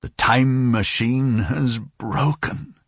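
A man reading an audiobook, voicing an obsessed, grief-stricken old man whose pitch leaps up sharply on words. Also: huge pitch swings, unhurried, a bit bright, husky, no echo, clean studio sound, full character voice. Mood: near sobbing. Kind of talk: audiobook character voice.

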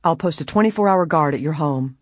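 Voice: mid-range voice, fairly quick, dry recording, clean studio sound, close to an everyday voice. A reader voicing a grave middle-aged police chief in an audiobook.

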